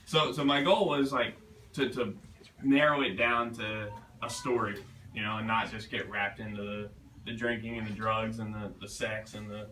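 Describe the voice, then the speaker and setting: A man, the author, answering questions at a bookstore reading, halting and restarting often and laughing easily. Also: on the low side, flat delivery, bright, forceful tone, a little hiss or hum. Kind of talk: casual Q&A at a book reading. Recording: roomy distant live recording.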